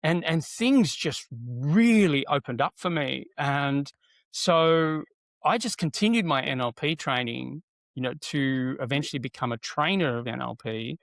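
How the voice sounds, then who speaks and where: Man with a gravelly voice. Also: medium pitch, unhurried, no echo. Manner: animated storyteller, acts out quotes, many fillers and restarts. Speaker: guest, NLP trainer. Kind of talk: casual conversational interview.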